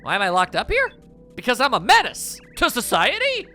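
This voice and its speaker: A man voicing a spunky, quick-tempered young female bomb creature from a video game, pitching his voice up high. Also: wildly swooping pitch, sharp tone, soft background music, full character voice. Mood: chatty.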